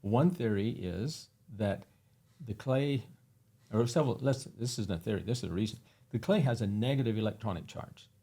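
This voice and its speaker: A man guesting on an interview, telling earnest anecdotes in a relaxed way with many fillers. His voice is gravelly and somewhat husky. It sits at a middle pitch with a dark, mellow tone. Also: moderate pace. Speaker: guest, company founder. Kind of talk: casual interview storytelling.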